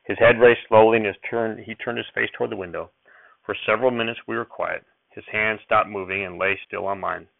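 A man reads a first-person novel aloud in a plain, steady way, with a few small slips. His voice is low and gravelly. The sound is dry and tinny, like a phone line. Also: fairly quick, no room sound. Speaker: audiobook reader.

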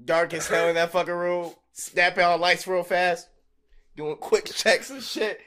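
A young man co-hosting a casual podcast, telling stories with lots of swearing and frequent laughter. His voice sits a bit higher than most men's. He talks loosely and vividly, acting out the moments he describes. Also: a little slow. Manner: animated storyteller, swears freely, laughs often. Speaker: podcast co-host. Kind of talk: casual chat.

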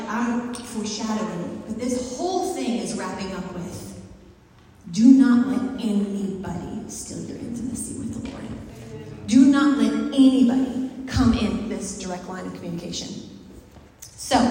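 A woman pastor giving a sermon in a conversational, lively way, laughing and acting out little asides. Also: medium pitch. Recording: very echoey hall, mic far off, faint ambience.

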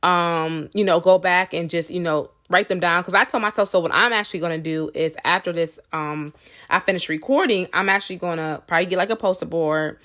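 A woman's voice: on the low side, brisk, fairly bright tone. A woman hosting a podcast, talking to her listeners in a casual motivational monologue. She fills her speech with "like" and "you know" and calls her listeners "y'all.". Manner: chatty, many fillers like "like" and "you know". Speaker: podcast host.

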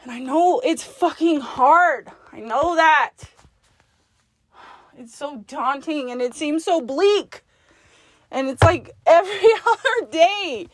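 A woman with a high voice delivers a forceful, profane pep talk to herself, speaking in the second person. She is blunt and insistent. The recording is dry and close. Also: animated, slow pace, dry recording. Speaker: podcast host. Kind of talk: self-directed pep talk monologue.

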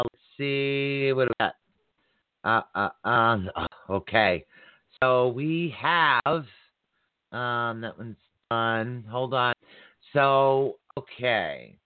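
A man hosting a live call-in psychic reading show, chatty and quick to laugh. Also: mid-range voice, clean tone, no echo. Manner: chatty, warm-toned addresses, laughs often. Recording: dry tinny phone-line sound.

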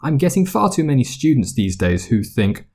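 A man's voice: mid-range voice, sing-song, normal speed, dark tone, husky, pitched above the performer's own voice. A man voicing a stern old school nurse. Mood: scolding. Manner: scolding, exasperated. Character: brisk elderly female school nurse, fussy and stern.

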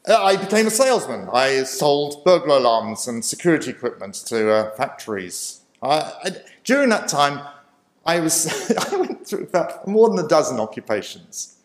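A man's voice: a little high, very animated, moderate pace. A man and preacher telling his life story as a personal testimony in a self-deprecating way, often chuckling. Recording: roomy echo.

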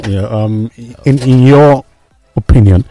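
Mellow man hosting sports talk. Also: medium pitch, unhurried, dry recording, faint music behind. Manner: questioning, hesitant fillers. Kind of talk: casual chat, moderating.

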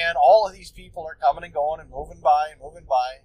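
A man's voice: a little high, fairly quick, hardly any pauses, low-quality recording. A man hosting a solo podcast, telling a story in a loose, profane, ranting way. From United States. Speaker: podcast host.

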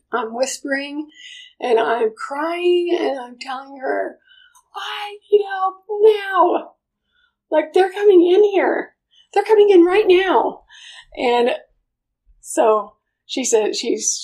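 Woman, high voice, middle-aged, emotional storyteller, personal testimony. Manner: emotional storytelling, swings into loud high outbursts. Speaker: speaker sharing a personal story.

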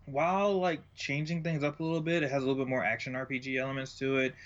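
A man co-hosting a podcast in casual chat, with a dry, low-key manner. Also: flat delivery, quick pace. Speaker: podcast co-host. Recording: dull lo-fi mic sound.

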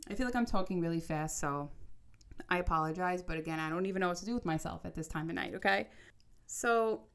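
A woman in her thirties giving casual advice straight to her audience, talking quickly in bursts and often checking in with "okay?". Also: fairly low pitch. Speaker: vlogger. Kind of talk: casual advice monologue to camera.

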